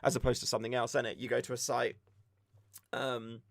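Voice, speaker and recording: A young man from the UK chatting on a live stream, telling stories with animated back-and-forth retellings. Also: mid-range voice, fairly quick, vocal fry, dry recording, clean studio sound. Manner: animated storytelling, acts out shouted exchanges. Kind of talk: casual live-stream chat.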